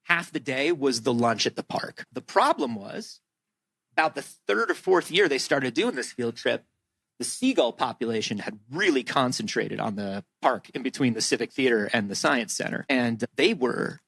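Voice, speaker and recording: A Florida man co-hosts a comedy podcast, joking around in casual banter and slipping into silly character voices. His mid-range voice is expressive, gravelly and husky yet fairly bright, at normal speed with no room sound.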